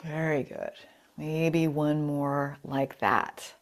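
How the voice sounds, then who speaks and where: A woman leading a chair yoga class over a video call, calm and encouraging as she cues breaths and movements. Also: low voice, slow pace. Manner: calm, encouraging, greets participants by name. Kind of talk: guided yoga class instruction.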